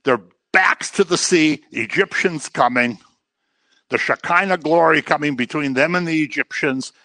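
With a voice on the high side and a moderate pace, this man leads a relaxed Bible class, heard with no room sound. He performs quotes in character voices and trades jokes with his listeners, keeping things animated.

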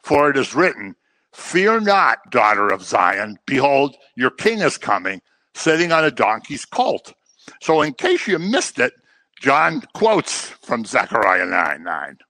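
A man's voice: mid-range voice, sing-song, measured pace, pushed and bright, no room sound. A man teaching through a Bible passage verse by verse, conversational and explanatory with humorous asides.

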